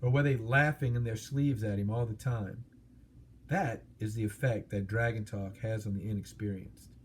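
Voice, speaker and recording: A man narrating an audiobook in a steady, expressive storytelling manner. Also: fairly low pitch, moderate pace, slight background noise.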